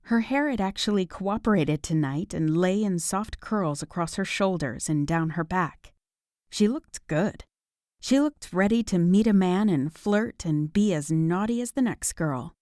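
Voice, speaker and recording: Low-voiced woman reading an audiobook. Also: animated, a little slow, a little mellow, no echo, studio quality. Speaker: audiobook narrator. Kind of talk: scripted narration.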